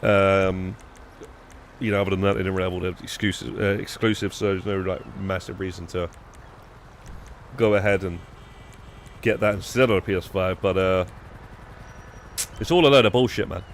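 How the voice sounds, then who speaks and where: A man's voice: low-pitched, steady tone, normal speed, pauses often, slight background noise. A young British man streaming a game, chatting casually and rambling with restarts and swearing. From United Kingdom. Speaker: live streamer. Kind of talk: casual gaming stream chat.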